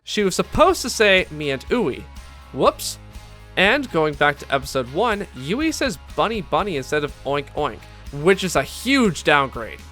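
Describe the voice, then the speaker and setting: A man's voice: fairly high pitch, sing-song, unhurried, fairly bright tone, soft background music. A man giving scripted video-essay narration as an anime commentator, enthusiastic and candid with fan asides.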